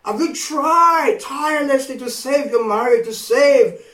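A man preaching a sermon, slow and emphatic, repeating phrases and rising to impassioned pleas. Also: extremely high pitch, fairly bright tone. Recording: echoey room from far off.

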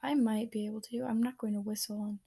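A woman's voice: a little high, flat delivery, quick pace, vocal fry, mellow, breathy edge. A woman hosting a casual solo podcast, reading out listener answers in a chatty, giggly, rambling way with many fillers and restarts. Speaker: podcast host. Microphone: podcast microphone.

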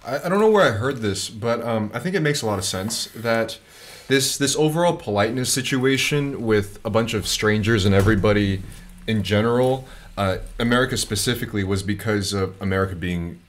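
A man's voice: on the low side, a little fast. A man chatting casually on a podcast, joking, swearing casually and laughing often.

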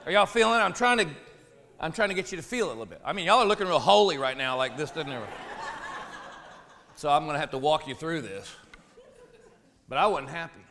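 A man, a pastor telling a funny personal story in a sermon, animated and jokey, dropping low then shouting. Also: quick pace, pauses often.

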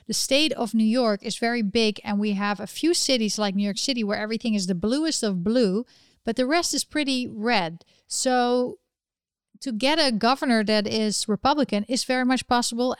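Chatty woman with a smooth, higher voice. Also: moderate pace, dry recording, studio quality. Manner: chatty, opinionated, with frequent restarts. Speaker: live chat host. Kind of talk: casual livestream chat.

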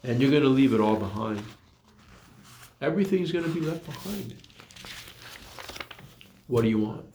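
A man's voice: medium pitch, normal speed, long pauses, dark tone, slight background noise. A man preaching a sermon in an earnest, repetitive way, full of rhetorical questions, recorded in an echoey room.

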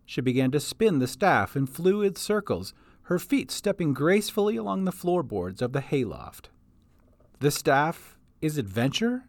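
Man, storyteller, animated pitch, dry close sound, homemade podcast. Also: vocal fry, dry recording. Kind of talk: scripted narration. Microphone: home recording setup.

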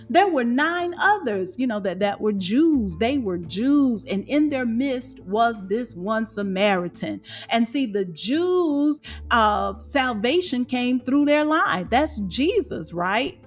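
A woman's voice: on the high side, animated, takes it slowly, faint music behind. A woman preaching a sermon in an emphatic, exhorting way, with call-and-response asides to her listeners.

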